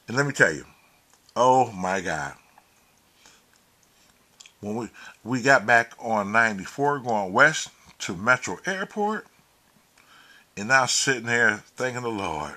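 A man, husky and bright, whose pitch swings all over as he tells his story. He swears freely and slips into the voices of the people he quotes. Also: very animated, a little slow, pauses often. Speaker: vlogger. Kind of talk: profane casual storytelling.

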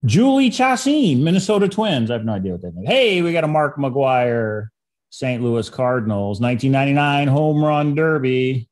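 A man hosting a casual card-opening video, reading names aloud and dropping into quiet asides. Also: medium pitch, normal speed. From Detroit area. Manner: reads names flatly, drops into quiet asides. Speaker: channel host.

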